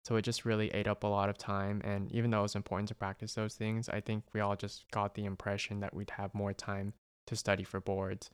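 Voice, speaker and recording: Earnest young man, smooth low voice. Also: completely flat delivery, fairly quick, hardly any pauses. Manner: earnest, reflective, thinks out loud with restarts. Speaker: medical student. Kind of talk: casual conversation.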